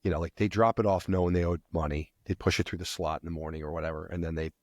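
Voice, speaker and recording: A man's voice: low voice, rapid-fire, dry recording. Dry-voiced man telling stories. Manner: animated storyteller acting out customers. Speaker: podcast co-host. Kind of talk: casual storytelling chat.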